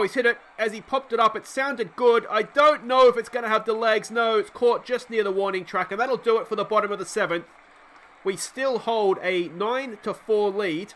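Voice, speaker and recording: Excitable high-voiced Australian man commentating. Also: a little hiss or hum. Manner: excitable, chatty, often addresses the viewer and himself. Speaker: video game let's play host. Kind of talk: play-by-play commentary of a baseball sim.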